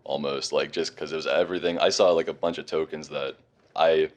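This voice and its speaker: A young man, an intern, chatting casually on a podcast roundtable in a relaxed, rambling way. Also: rumbling low, a little fast.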